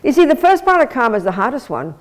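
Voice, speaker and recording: A woman teaching as a Buddhist nun, giving a blunt, lively, conversational dharma talk and answering questions from her listeners. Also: sits high, quick pace. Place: Buddhist centre teaching room.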